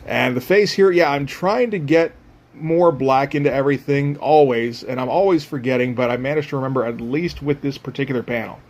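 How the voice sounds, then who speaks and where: A man's voice: medium pitch, a little fast, a little mellow. Man chuckling through drawing commentary. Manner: rambling, chuckling, self-mocking. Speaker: comic artist.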